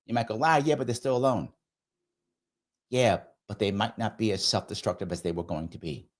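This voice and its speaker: A man's voice: fairly low pitch, fairly quick. A middle-aged man hosting a live discussion show, talking casually and earnestly to his audience and sometimes acting out quoted dialogue.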